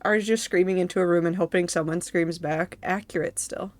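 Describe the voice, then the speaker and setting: A woman's voice: on the low side, steady tone, a little fast, darkish tone, no room sound. A woman streaming a game and chatting with her viewers, emotional and laughing through tears. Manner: emotional, tearful and laughing, talks to chat. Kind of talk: casual live-stream commentary.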